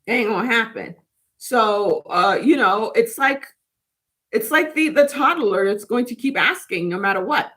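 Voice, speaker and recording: A woman's voice: a little high, animated, normal speed, a bit bright. Chatty woman hosting a spiritual livestream. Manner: rambling, chatty, reads and answers live comments. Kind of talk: casual live chat with viewers.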